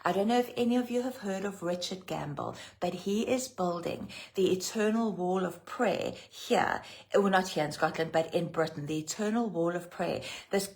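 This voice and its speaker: Loud chatty South African woman, gravelly. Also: fairly low pitch, normal speed. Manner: chatty, rambling, laughs often, reads viewer comments aloud. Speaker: pastor and prophetic minister. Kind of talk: casual livestream devotional chat.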